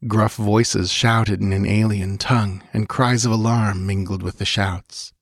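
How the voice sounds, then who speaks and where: A man narrating a fantasy audiobook in an expressive, measured storytelling manner. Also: lowish voice, dry recording, clean studio sound.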